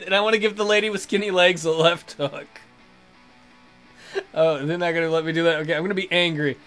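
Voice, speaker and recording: Bright-voiced sardonic young man gaming. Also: fairly high pitch, fast, faint music behind. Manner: sardonic, swears freely, jumps between deadpan mutters and loud outbursts. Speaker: let's play commentator. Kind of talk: casual game commentary, reading on-screen text aloud.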